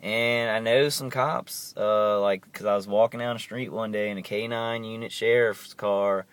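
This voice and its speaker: A man's voice: lowish voice, steady tone, moderate pace, clean tone. A young man talking casually to camera from inside his house, agitated and rambling, often repeating himself. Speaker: vlogger.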